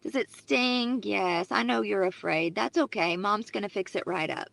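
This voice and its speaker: A woman's voice: mid-range voice, creaky, no echo. A woman voicing a tender, attentive mother who comforts her crying child. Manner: soft, slow and soothing.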